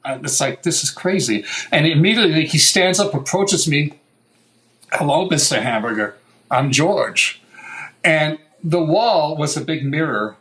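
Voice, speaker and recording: An older American man, a guitar maker, telling a story in a lively, casual way, swearing now and then and acting out what people said. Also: fairly high pitch, normal speed, hardly any pauses, rough recording. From United States. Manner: animated, swears, acts out quotes. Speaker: guest luthier.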